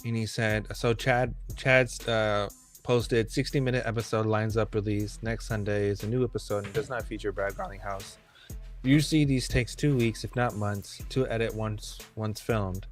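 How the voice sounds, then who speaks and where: A man chatting casually on a live stream, reading out posts in a relaxed way. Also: on the low side, normal speed, soft background music. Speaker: co-host.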